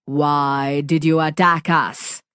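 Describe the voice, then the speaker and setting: A woman voicing a big, kind alien monster with a deep, dark, booming voice, speaking in a stern but gentle way in a storybook reading. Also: little pitch movement, slow pace, smooth, dry recording, clean studio sound.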